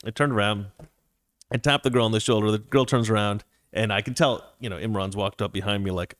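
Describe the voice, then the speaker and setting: A man hosting a talk show, telling an anecdote in a casual, animated way and reading viewer comments, laughing often. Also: on the low side, fairly quick, no echo. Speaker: podcast host.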